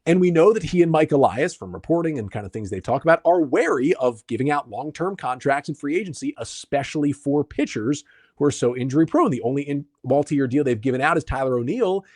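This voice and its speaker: A man hosting a solo sports podcast, explaining baseball numbers and answering listener questions in a brisk, stat-heavy way. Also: a little high, lively intonation, darkish tone, dry recording, clean studio sound. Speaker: podcast host.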